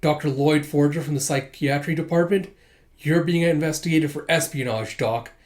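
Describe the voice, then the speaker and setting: A man's voice: a little high, moderate pace, darkish tone, natural voice. A man voicing a cool, smug male investigator in glasses in a comic he reads aloud.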